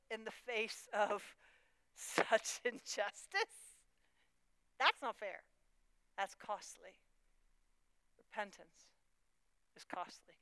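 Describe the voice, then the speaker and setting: Woman preaching, slightly high voice, dry close sound, goes from quiet to fired up. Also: big pitch swings, takes it slowly, pauses often, smooth, dry recording, rough recording. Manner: emotional, swings from hushed to impassioned. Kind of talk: sermon.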